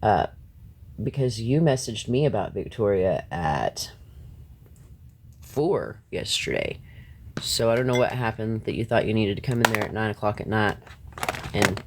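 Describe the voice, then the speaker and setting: A man's voice: medium pitch, sing-song, a little slow, background noise. A man hosting a live stream, ranting bluntly and confrontationally at his viewers, swearing freely and laughing between points. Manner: talks back to chat, laughs between points.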